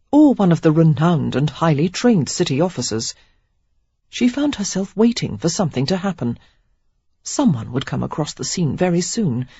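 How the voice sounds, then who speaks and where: A woman narrating a romance audiobook in an expressive, steady storytelling manner. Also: deep voice, breathy edge, no room sound, lo-fi sound. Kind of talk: scripted narration.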